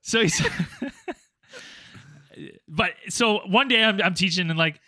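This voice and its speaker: A man telling a casual story to friends, animated and profane, acting out quotes loudly. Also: high-pitched, slow, no room sound, studio quality. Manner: animated, acts out quotes, swears a lot. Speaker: storyteller, former teacher abroad.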